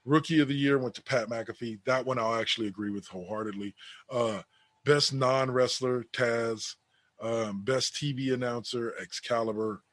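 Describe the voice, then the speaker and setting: A man's voice: medium pitch, steady tone, moderate pace, no room sound. A man co-hosting a casual wrestling podcast, reading an awards list aloud with sarcastic asides. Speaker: podcast co-host.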